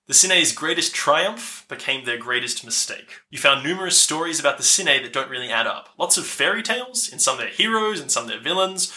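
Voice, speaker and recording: Bright-voiced man recapping a tabletop campaign. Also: medium pitch. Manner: relaxed, laughs easily, fillers. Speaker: game master.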